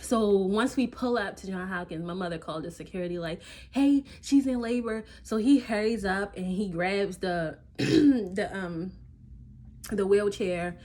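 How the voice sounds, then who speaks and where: A young woman telling a story in a casual vlog, full of fillers and animated quoted dialogue. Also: medium pitch, unhurried. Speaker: vlogger.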